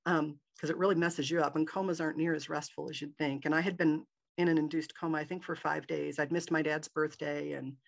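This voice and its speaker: A woman's voice: sits low, steady tone, a little fast, gravelly, few pauses. A woman guest in an interview, telling a personal story with animation and acting out the dialogue in a raised voice.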